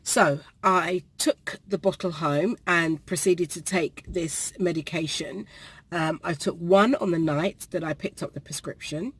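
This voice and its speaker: A woman, telling a personal story to the camera in a halting way, with pauses and restarts, while perspiring. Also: lowish voice, slightly rough, no room sound. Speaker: vlogger. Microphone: camera facing her.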